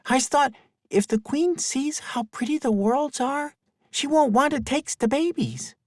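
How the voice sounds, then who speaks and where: Little girl dragonling, shy and gentle, baby-talk grammar, very high; voiced by a male narrator. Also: expressive, measured pace, no room sound, clean studio sound. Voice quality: high childlike voice, toddler grammar.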